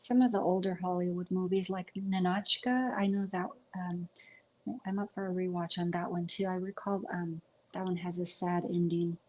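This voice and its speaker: A woman with a lowish, steady, slightly mellow voice hosts a casual livestream from home with her pets. At a moderate pace, she rambles to viewers about movies, saying "um" a lot.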